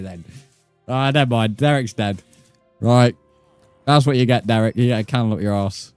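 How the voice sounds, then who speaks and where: British male streamer, middle-pitched, swearing and riled up at the game, faint music underneath. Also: moderate pace, pauses often, clean tone, no room sound. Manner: profane, excitable, mock-outraged. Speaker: gaming streamer. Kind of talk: live gameplay commentary.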